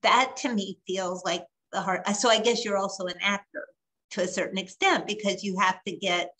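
A woman's voice: medium pitch, fairly even intonation, pushed and bright, poor audio. Thoughtful older woman asking questions. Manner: thoughtful, meandering questions with pauses. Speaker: interviewer. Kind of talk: conversational interview.

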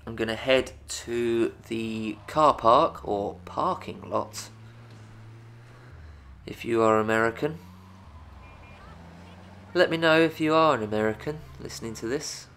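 Gravelly Essex man, slow gaming chat. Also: medium pitch, slight background noise. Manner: chatty, excitable, talks to viewers. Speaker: gaming YouTuber. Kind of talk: let's play commentary.

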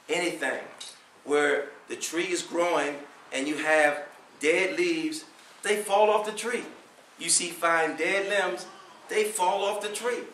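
Male preacher, Friday sermon, fervent with rhetorical questions, high voice, recorded from afar in a reverberant hall. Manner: impassioned, rhetorical questions, swells to near-shouts. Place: prayer hall. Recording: echoey room, voice from far off.

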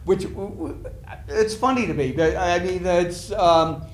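A man guest in a casual interview, telling lively stories, acting out quoted voices and laughing often. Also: sits high, a little slow, roomy sound. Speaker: interview guest, author and musician.

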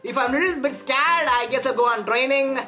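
Woman game streamer, bright high voice, chatty and jittery. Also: fairly quick, faint music behind. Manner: chatty, nervous, stumbles on words. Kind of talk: casual let's play commentary.

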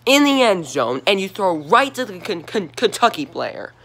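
An exasperated man from Georgia hosts a solo sports talk vlog, firing off disbelieving questions and repeating himself. His voice is bright and edgy, and it swings widely in pitch as he vents. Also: very animated, moderate pace. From Georgia, USA.

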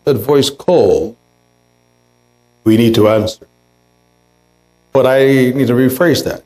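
A man's voice: medium pitch, takes it slowly, a little mellow, low-quality recording. A pastor preaching a sermon in a church, earnest, lifting his voice to act out quoted words. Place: church sanctuary.

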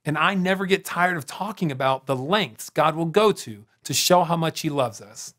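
A man tells a scripted Bible story for children with dramatic pauses. His pitch moves in lively ups and downs. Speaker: storyteller on a kids' show.

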